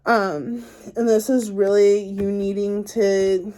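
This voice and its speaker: A woman's voice: mid-range voice, little pitch movement, slow, dark tone. A woman giving a casual spiritual tarot reading to camera, chatty and encouraging, talking straight to the viewer and saying "like" and "y'all". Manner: loose and playful, says "like" and "y'all". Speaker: tarot card reader.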